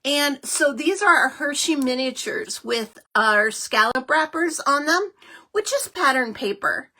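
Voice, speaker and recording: A chatty, excitable middle-aged woman hosting a live card-making stream, with lots of fillers. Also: high-pitched, a little slow. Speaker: host of a live crafting show.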